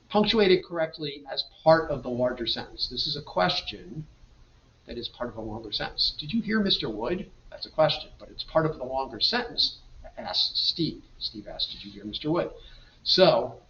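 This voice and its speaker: A man's voice: medium pitch, pushed and bright. Man teaching grammar in a roomy echo. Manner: patient, explanatory, reads example sentences aloud. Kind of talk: slideshow grammar lesson. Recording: dull, roomy, mic at a distance.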